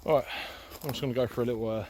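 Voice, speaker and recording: A man casually explaining a camp setup outdoors in the woods, chatty and relaxed, with frequent fillers. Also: medium pitch, rapid-fire, slight background noise. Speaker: outdoor channel host.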